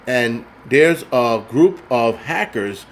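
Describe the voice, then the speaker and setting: A man's voice: medium pitch, lively intonation, slow pace, slight background noise. Angry profane man ranting. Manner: angry, profane, rambling rant. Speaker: vlogger. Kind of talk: casual rant to camera.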